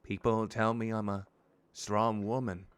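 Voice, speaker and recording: A man voicing a grieving, guarded young warrior woman in a fantasy game, read in a quiet, measured way. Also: on the low side, flat delivery, smooth, no echo, lightly acted.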